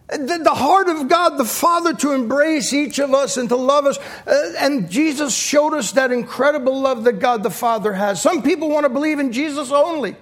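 A man's voice: very high voice, moderate pace, few pauses, a bit bright. A middle-aged man preaching a sermon with passion, repeating words as he goes and acting out the quotes he tells. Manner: impassioned, repeats words, voices quotes dramatically.

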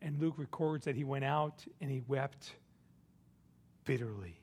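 A man preaching a sermon, telling the story with dramatic swings between hushed and loud delivery. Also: mid-range voice, a little slow, a little hiss or hum.

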